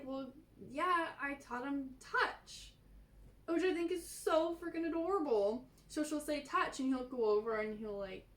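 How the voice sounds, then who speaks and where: Giggly woman chatting in an echoey room. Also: on the high side. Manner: giggly, storytelling with acted-out quotes. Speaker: podcast co-host. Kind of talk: casual chat.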